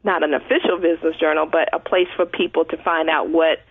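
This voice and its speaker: A woman's voice: sits low, flat delivery, fast. A woman guest talking in a chatty way with many fillers on a casual radio interview. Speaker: guest blogger. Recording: dry tinny phone-like line.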